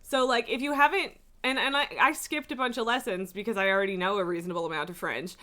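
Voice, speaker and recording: A woman livestreamer chats casually with her viewers, wandering through tangents with frequent laughs, fillers and swearing. Her voice is on the high side, steady, quick, bright and forceful.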